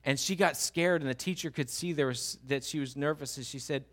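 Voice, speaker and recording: A man preaching a sermon, telling a story with many restarts, dropping to hushed, slow prayer and rising to loud exhortation. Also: on the high side. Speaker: pastor.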